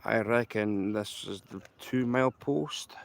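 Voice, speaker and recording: This Scottish man, live-streaming trainspotting from beside a railway line, speaks in a lowish, gravelly, unhurried voice into a handheld camera. He chats casually, rambling and repeating things emphatically, and there's a little hiss or hum.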